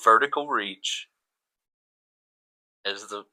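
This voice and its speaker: Bright, playful young man chatting. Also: fairly low pitch, normal speed. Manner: playful, posing silly hypotheticals and laughing. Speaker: podcast co-host. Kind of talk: casual chat.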